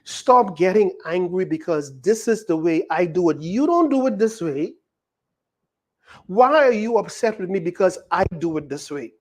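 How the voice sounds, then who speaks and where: Bahamian male pastor, emphatic sermon delivery, very lively pitch. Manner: animated, emphatic preaching with rhetorical questions.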